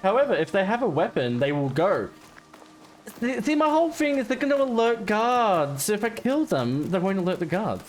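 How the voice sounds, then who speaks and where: A man's voice: high-pitched, faint music behind. A man streaming a stealth game, chatting casually and exclaiming readily at the action. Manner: excitable, quick to exclaim. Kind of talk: casual live-stream chat.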